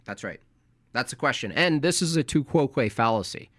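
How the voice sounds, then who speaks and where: An American man giving sarcastic, argumentative commentary on a debate clip, speaking in rapid bursts. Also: medium pitch, lively intonation, a bit bright, no echo, studio quality. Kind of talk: casual commentary.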